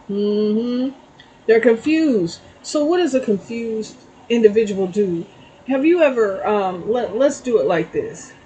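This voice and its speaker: A woman's voice: on the high side, darkish tone, slightly rough, low-quality recording. A middle-aged woman giving a casual spiritual tarot reading, telling a story and checking in with "okay?". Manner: chatty, storytelling, frequent "okay?" asides. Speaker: tarot reader.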